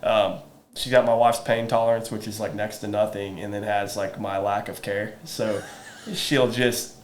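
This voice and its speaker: A man's voice: lowish voice, level tone, moderate pace. A man, a guest telling easygoing stories in a casual podcast chat. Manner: easygoing, storytelling. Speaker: podcast guest, metals company rep. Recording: roomy echo with faint ambience.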